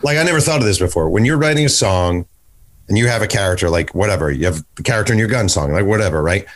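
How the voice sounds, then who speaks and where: A man hosting a podcast interview, blunt and excitable, swearing and repeating himself as he pitches an idea. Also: quick pace. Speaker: podcast host. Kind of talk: casual interview chat.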